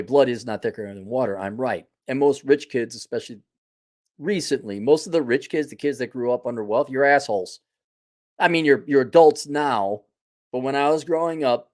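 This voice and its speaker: A man's voice: mid-range voice, a little mellow. Blunt, profane middle-aged man ranting. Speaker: podcast host. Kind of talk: casual ranting monologue.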